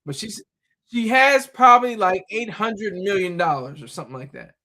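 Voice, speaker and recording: High-pitched guy rambling off the cuff, repeats himself a lot. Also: moderate pace, pushed and bright. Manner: rambling, repeats words, many fillers and restarts. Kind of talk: casual rambling monologue.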